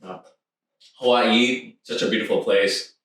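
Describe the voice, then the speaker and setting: A man's voice: lowish voice, fairly even intonation, a little slow, a bit bright. A man guesting on a podcast, chatting casually and animatedly, laughing often and swearing freely. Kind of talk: casual chat. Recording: echoey room, mic at a distance.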